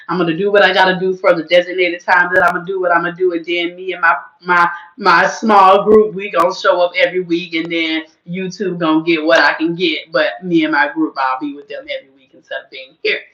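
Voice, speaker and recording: A woman hosting a casual livestream, chatting to her viewers in an animated, churchy manner while her voice is just recovering. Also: on the low side, fairly quick, hardly any pauses, roomy sound, rough recording. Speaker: host.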